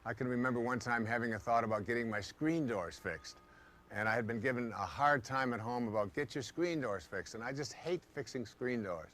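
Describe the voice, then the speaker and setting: A man's voice: medium pitch, a little fast. A man giving a motivational talk, telling stories and acting out the thoughts of the people in them. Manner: storytelling, acting out quoted thoughts in lively voices. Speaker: motivational speaker.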